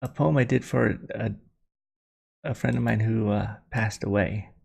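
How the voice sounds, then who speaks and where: A man's voice: lowish voice, steady tone, unhurried, creaky, a little mellow. A man hosting a casual livestream, rambling and apologetic, with many fillers and restarts. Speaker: livestream host.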